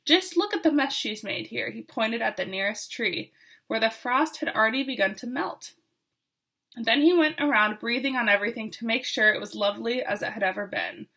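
A woman reading a picture book aloud to children, expressive and with asides to her listeners. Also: on the high side, fairly quick. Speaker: storyteller.

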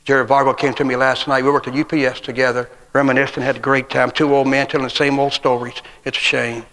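A man's voice: mid-range voice, flat delivery, fast talker, a bit bright. A man, preaching a sermon full of humorous personal stories. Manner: folksy, humorous storytelling with acted quotes. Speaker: guest preacher. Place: church sanctuary. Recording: long church hall reverb.

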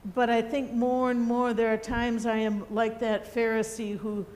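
A woman preaching a sermon, telling a story in a gentle, reflective way. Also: a little high, level tone, a little slow.

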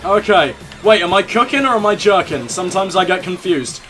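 A man's voice: high-pitched, lively intonation, brisk, fairly bright tone, faint music behind. A young man hosting a let's play, cracking crude jokes in casual gameplay commentary. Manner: joking, crude banter with laughs.

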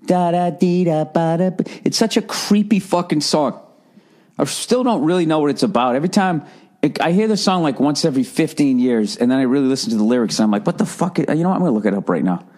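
A man's voice: on the high side, lively intonation, fast, a little mellow, husky. A middle-aged American man hosting a solo podcast, ranting in a profane, sarcastic way. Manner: profane, sarcastic ranting with mocking sung bits. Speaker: podcast host. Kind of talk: rambling solo podcast monologue.

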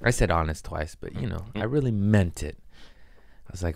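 A man's voice: lowish voice, wildly swooping pitch, slow, vocal fry, pauses often, sharp tone, no echo, clean studio sound. A man hosting a podcast in casual chat, rambling and profane, mocking himself and laughing often. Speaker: podcast host.

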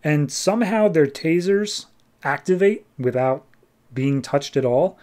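A man's voice: on the high side, expressive, a little slow, darkish tone. A man hosting a podcast, casually recapping a comic issue in a jokey, wry way. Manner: jokey, wry, acts out quotes. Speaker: podcast host.

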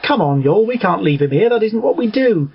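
A man's voice: high-pitched, animated, brisk, creaky, husky, muffled recording, voice pushed up, full character voice. A man voicing a homely, folksy young female farm pony in a recited storybook poem. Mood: urging. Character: kind country farm mare with a drawl.

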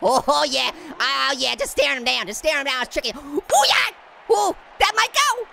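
A man's voice: animated, moderate pace, bright, forceful tone, a little hiss or hum, exaggerated voice. A man voicing a hyper, giggly male talking orange who cracks puns and taunts while commenting on gameplay. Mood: giddy. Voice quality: gravelly, high cartoon voice. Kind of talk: comedic let's-play commentary. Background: game music.

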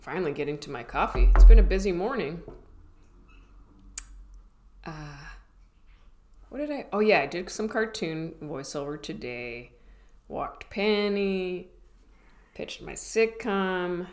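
A woman's voice: on the low side, animated, slow, long pauses, darkish tone. A woman comedian in her thirties chatting casually to her viewers, rambling and self-mocking, with many restarts. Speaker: comedian vlogger. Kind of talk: casual rambling vlog chat.

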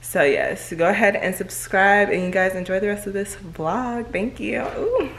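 A young woman vlogging to camera from her bedroom at home, chatting quickly and casually. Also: medium pitch, roomy sound, background noise. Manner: fast-talking, chatty. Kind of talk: casual vlog chat to camera.

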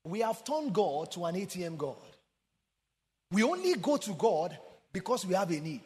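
A man preaching a sermon with passion, swinging from sung, shouted emphasis down to quiet low asides. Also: very animated, moderate pace. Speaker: pastor. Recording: long hall reverb.

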